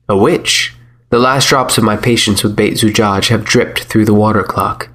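A man narrating a first-person story in a measured, wry manner. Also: on the low side, fairly even intonation, a bit bright, husky.

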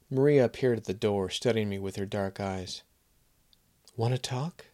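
A man's voice: lowish voice, dry recording, studio quality. A man reading a short story aloud, voicing the characters' dialogue with strong emotion. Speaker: narrator. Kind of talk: scripted story narration.

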